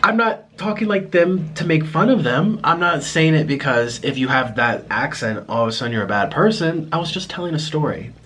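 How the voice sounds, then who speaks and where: A man's voice: fairly high pitch, animated, fairly quick, hardly any pauses, a bit bright. A young man hosting a mukbang video, talking casually and rambling with frequent restarts. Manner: chatty, rambling, with frequent restarts and aside remarks. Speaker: mukbang vlogger. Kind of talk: casual eating-video chat.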